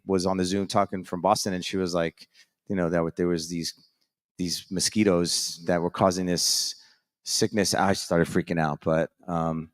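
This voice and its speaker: A man's voice: low voice, no room sound, studio quality. A man hosting a live show on a conference stage, telling stories in an upbeat, chatty, rambling way with many restarts. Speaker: host.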